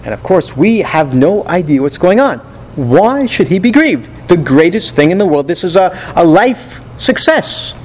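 A man with a notably high voice leads a Bible study lesson. He talks in an animated, rhetorical way, posing questions to his listeners and answering them himself. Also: normal speed, slight background noise, poor audio. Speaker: Bible teacher.

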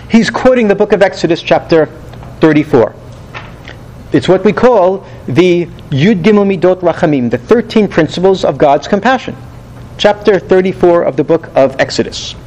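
A man teaching a Bible study lesson, animated and rhetorical, who asks questions and then answers them himself. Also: sits high, low-quality recording.

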